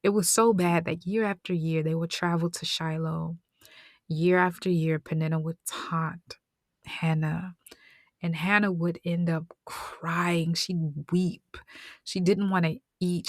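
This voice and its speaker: A woman's voice: on the low side, steady tone, takes it slowly, dry recording, clean studio sound. A woman retelling a story in a conversational, slangy way with whispered asides.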